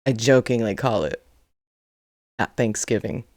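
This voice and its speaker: A woman's voice: a bass voice, unhurried, a little mellow, no room sound, studio quality. A woman hosting a reaction video, chatting casually and laughing along while repeating punchlines. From Native American.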